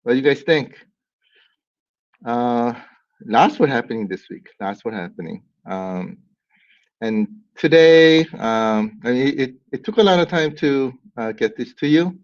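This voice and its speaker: A man's voice: medium pitch, lively intonation, a little slow, lo-fi sound. Man hosting a casual livestream. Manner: rambling, laughs often, hype announcer bursts. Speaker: livestream host.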